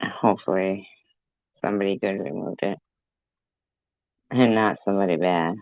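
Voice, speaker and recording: A man delivering a profane, taunting rant straight to the camera, slow and deliberate. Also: deep voice, steady tone, dry recording, muffled recording.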